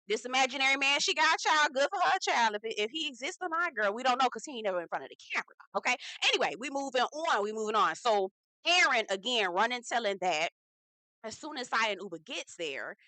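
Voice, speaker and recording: A young woman, chatting sassily through a TV recap. Her voice is bright and forceful and sits a little high, and the recording is dry and close. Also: dry recording. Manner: sassy, animated, slangy, calls viewers girl. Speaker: TV review host.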